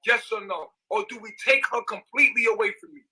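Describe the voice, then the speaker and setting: A man's voice: high-pitched, quick pace, bright, forceful tone, husky, rough recording. A young man, ranting in an agitated, repetitive, profane livestream monologue.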